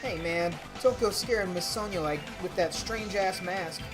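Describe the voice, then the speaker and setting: A man voicing a rattled young man who exclaims loudly. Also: high-pitched, moderate pace, over music, close to an everyday voice. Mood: alarmed. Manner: yelping, exclaiming.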